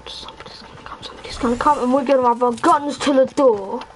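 A young woman chatting casually while playing an online game with friends, excitable and squealing at tense moments. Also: sits high, fast, a little hiss or hum, poor audio. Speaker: gamer streaming with friends. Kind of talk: casual gaming chat.

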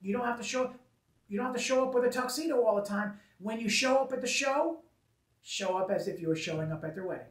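A man's voice: very high voice, fast talker. A man, a wedding photographer, giving business tips in a casual, emphatic talk that repeats points for stress. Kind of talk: casual advice talk to camera. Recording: roomy, voice from a distance off mic.

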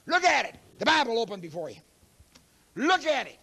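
A man preaching a sermon, emphatic and preachy, swinging between loud declarations and hushed asides, and reading scripture aloud quickly. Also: very high voice, big pitch swings, gravelly, breathy edge.

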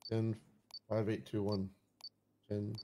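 A laid-back man chatting casually in a game role-play, repeating himself as he goes. His voice sits low with a gravelly fry, and steady noise hangs under the voice chat. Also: slow.

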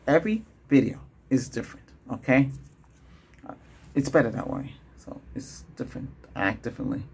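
A man in whispered role-play as a doctor, talking in a chatty, rambling way, laughing often and moving between a whisper, a soft voice and his normal voice. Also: medium pitch, normal speed, vocal fry, slightly rough.

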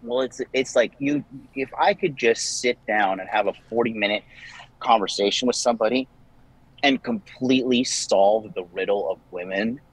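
A man's voice: medium pitch, moderate pace, slightly rough, poor audio. A young man, a dating coach, talking casually and defensively with many restarts. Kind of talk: casual call-in conversation.

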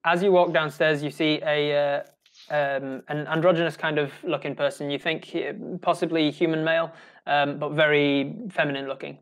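A man with a New Zealand accent narrating as game master, talking in a halting way with many restarts. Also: fairly high pitch, little pitch movement, a bit bright. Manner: halting, full of ums and restarts.

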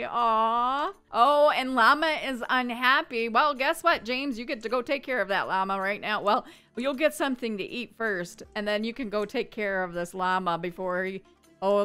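Bright smooth-voiced woman chatting through her sim game, playful, a little music under her. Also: medium pitch. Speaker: gaming YouTuber. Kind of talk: casual gameplay commentary.

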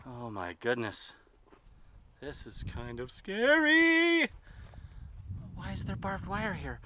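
A man's voice: sits high, wildly swooping pitch, slow, sharp tone, rough recording. A man narrating a family hike outdoors, chatty and encouraging toward his kids. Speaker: parent vlogger hiking with kids. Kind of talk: casual family vlog narration. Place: outdoors on a desert trail. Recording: clear wind and outdoor noise. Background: wind and outdoor noise.

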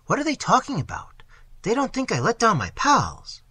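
A man doing a rough-spoken wounded soldier. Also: mid-range voice, wildly swooping pitch, normal speed, pushed and bright, no echo, heavily acted. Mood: bewildered. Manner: breathless, vivid storytelling in common speech.

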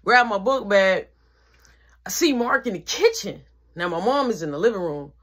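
A teenage woman telling a casual storytime, slangy and animated, with whispered asides. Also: mid-range voice, moderate pace.

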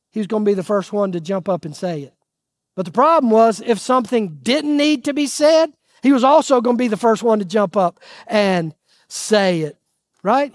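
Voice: mid-range voice, no room sound, clean studio sound. Earnest pastor quizzing the congregation. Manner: asks the audience questions and answers them; earnest, pleading emphasis. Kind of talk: sermon.

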